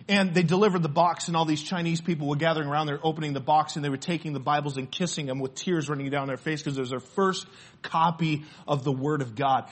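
A man preaching a sermon in church, earnest and storytelling, often restarting his words. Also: on the high side. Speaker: pastor.

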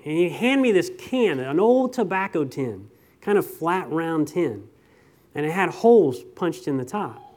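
A man's voice: fairly high pitch, sing-song, a little slow, darkish tone. A man preaching a sermon, reading scripture and then talking conversationally to the congregation with rhetorical questions and stories.

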